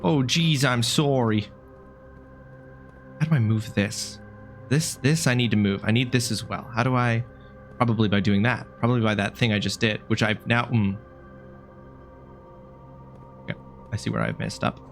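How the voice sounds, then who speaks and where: A man's voice: on the low side, fairly even intonation, normal speed, creaky, pauses often, faint music behind. Chatty man streaming a game. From Canada. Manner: chatty, talks straight to chat, apologetic, swears casually. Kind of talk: live let's-play commentary.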